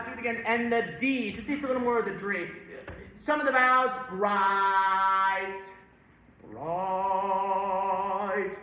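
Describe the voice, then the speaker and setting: A man's voice: very high-pitched, sharp tone, a little hiss or hum. A man directing a choir rehearsal in a church, stopping to coach diction and sing out the words. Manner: stops and sings words to demonstrate diction. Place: large church sanctuary. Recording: very echoey church hall, faint music behind.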